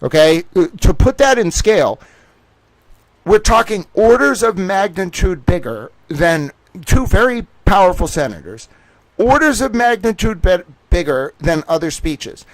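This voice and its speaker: A man telling a story on his stream in a profane, animated way, acting out the voices of the people in it. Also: high voice, measured pace, rough recording. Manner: animated, swearing, acts out quoted voices. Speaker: streamer host. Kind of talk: profane casual storytelling monologue.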